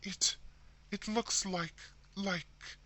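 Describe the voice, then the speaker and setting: Man playing a fussy middle-aged woman, shrill when alarmed, lively high voice. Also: normal speed. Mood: horrified. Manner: fussy, then shrieking in alarm. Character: placid middle-aged woman turning horror-struck.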